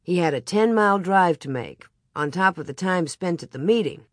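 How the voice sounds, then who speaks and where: Woman narrating a storybook, lively pitch. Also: moderate pace, no echo, clean studio sound. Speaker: audiobook narrator.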